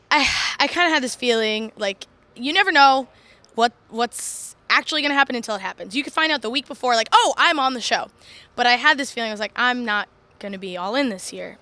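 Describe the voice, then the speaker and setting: A young woman from Long Island, a professional wrestler chatting as an interview guest in an animated, laughing way. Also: on the high side, a little fast, no echo. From Long Island, New York. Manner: animated, laughing, self-deprecating. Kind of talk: casual interview chat.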